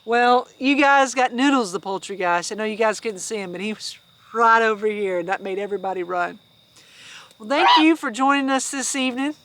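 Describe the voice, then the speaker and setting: A woman's voice: on the high side, brisk, fairly bright tone. A woman hosting storytime, reading a picture book aloud outdoors on a farm and chatting with her animals between pages. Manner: chatty, laughs, breaks off to talk to her animals. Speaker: storytime host. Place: outdoors on a farm among geese, at night. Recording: outdoor farm noise with honking geese. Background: geese honking.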